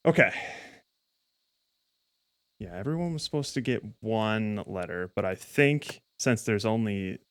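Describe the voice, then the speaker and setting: A man's voice: lowish voice, lively intonation, measured pace, pauses often, clean tone, no echo. A man streaming a game, rambling and correcting himself as he stumbles over words. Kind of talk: casual gameplay commentary.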